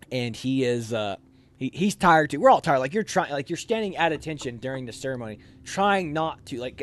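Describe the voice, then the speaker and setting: A young man casually telling animated stories from army training, laughing and acting out other people's lines. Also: mid-range voice. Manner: animated, laughs while telling, acts out quotes. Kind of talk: casual storytelling.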